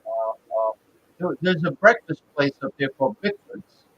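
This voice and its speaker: A man's voice: a little high, wildly swooping pitch, normal speed, breathy edge, lo-fi sound. Rambling man in casual chat. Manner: rambling, many fillers and restarts.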